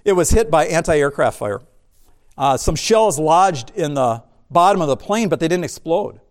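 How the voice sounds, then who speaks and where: A man's voice: fairly high pitch, lively intonation, normal speed. A man pastor giving a sermon, preaching in a conversational way with asides and humor.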